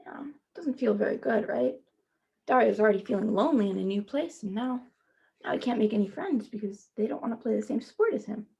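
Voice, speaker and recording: A woman teacher reading a children's picture book aloud, stopping to gently ask her young listeners questions. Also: on the high side, lively intonation, a little fast, vocal fry, husky, highs cut off. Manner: speaks to children as "friends".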